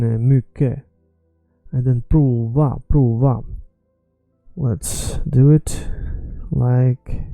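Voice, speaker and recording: A man teaching a language pronunciation lesson, repeating words slowly and clearly to model how they sound. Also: medium pitch, mellow, dry recording.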